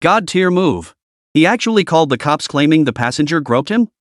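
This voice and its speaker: Gleeful livestream commenters jeer and gasp in a sneering, excitable voice, as a man reading the story puts them on. The pitch jumps about animatedly, and the recording is close and dry. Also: brisk, dry recording. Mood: astonished. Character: jeering online livestream commenters, mocking and gleeful.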